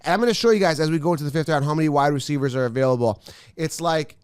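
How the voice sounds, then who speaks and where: A man's voice: a little high, rapid-fire, darkish tone, clean tone, no echo, studio quality. A man in his thirties hosting a fantasy football podcast, talking through a mock draft in a giddy, rambling, hyped-up way. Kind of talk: excited solo commentary on a mock draft.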